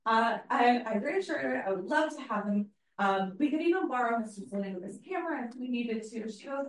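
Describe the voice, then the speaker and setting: A woman's voice: fairly high pitch, animated, moderate pace, slight background noise. A woman teacher giving an earnest, story-driven public speech, with frequent fillers. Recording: echoey hall from far off.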